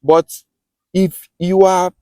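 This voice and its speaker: Speaking slowly in a high, level voice, this man sounds warm and smooth, with no room sound around him. He calls himself a teacher, has a Nigerian Akwa Ibom accent, and teaches with passion, emphasizing points while repeatedly restarting his phrases.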